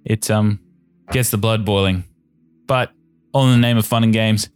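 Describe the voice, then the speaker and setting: A man's voice: on the low side, steady tone, moderate pace, smooth, no room sound, faint music behind, lightly acted. A man voicing a brash, cocky young male athlete with a mullet, talking in a boisterous, slangy, matey way. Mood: chummy.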